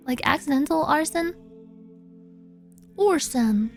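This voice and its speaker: A streamer casually chatting and reading viewer confessions. She is animated, breaks into squeaky outbursts and swears freely. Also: a little slow, faint music behind.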